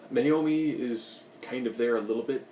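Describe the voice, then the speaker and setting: A man's voice: mid-range voice, moderate pace, warm tone, roomy sound, recorded from a distance, a little hiss or hum. A man giving a casual, rambling recap of a TV episode, with joking asides. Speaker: recap host.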